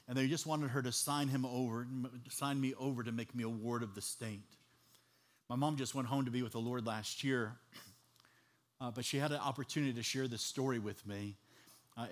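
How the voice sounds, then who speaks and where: A man from Chicago preaching a personal testimony in a conversational, storytelling style, with humor and frequent fillers. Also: medium pitch. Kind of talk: testimony sermon.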